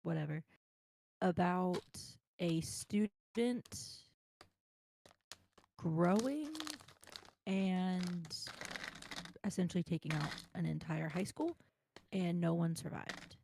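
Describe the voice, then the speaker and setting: A woman's voice: fairly low pitch, takes it slowly, long pauses, dark tone, a little hiss or hum. A woman playing a tabletop game, matter-of-fact and practical. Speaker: player. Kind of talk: casual tabletop role-play.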